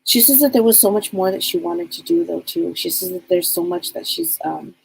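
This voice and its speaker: A woman's voice: fairly low pitch, fairly quick, creaky, a little mellow, a little hiss or hum, rough recording. A woman psychic medium giving a live reading, chatty and rambling as she passes on what spirits tell her.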